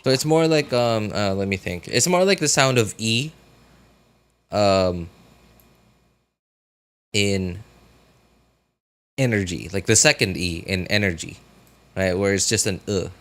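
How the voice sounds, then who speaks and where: A man's voice: on the low side, measured pace, pauses often, fairly bright tone. A young man chatting casually with viewers while streaming a game, rambling with lots of fillers. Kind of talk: casual live-stream chat.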